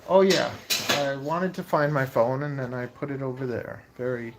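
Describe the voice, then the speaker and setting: Brief: easygoing woman host, deep voice, casual stream chat, noisy recording. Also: steady tone, moderate pace. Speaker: channel host.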